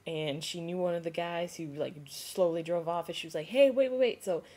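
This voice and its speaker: Young woman vlogging, kinda low voice, rambly and animated, says like a ton, filmed herself. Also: fairly quick. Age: young adult. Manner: rambling, animated retelling full of "like" and restarts. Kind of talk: casual storytelling vlog.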